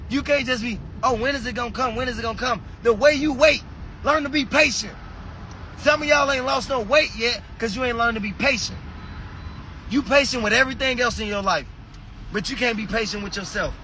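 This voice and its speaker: A man giving a passionate motivational talk on a phone livestream, preachy, shifting between shouting and quiet, emotional asides. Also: high voice, breathy edge. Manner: impassioned, preachy, swings between shouting and soft. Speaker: fitness motivational speaker.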